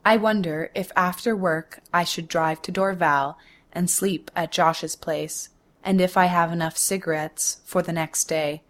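A young woman narrating a first-person story in a measured, deliberate way. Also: on the low side, fairly even intonation. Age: young adult.

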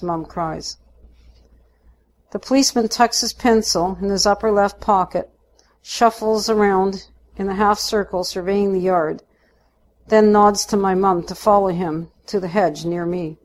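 A woman narrating a first-person story in a steady, unhurried way. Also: medium pitch.

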